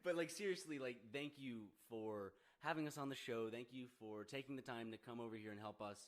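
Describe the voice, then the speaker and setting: A man's voice: medium pitch, a little fast. Casual, cursing male podcast co-host. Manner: loose, swears casually. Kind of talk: casual chat.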